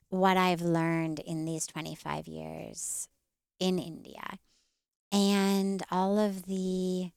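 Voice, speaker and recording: A woman author talking as an interview guest outdoors, measured, with dramatic pauses and swells. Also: on the low side, vocal fry, clean tone, no echo, clean studio sound. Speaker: author and spiritual teacher.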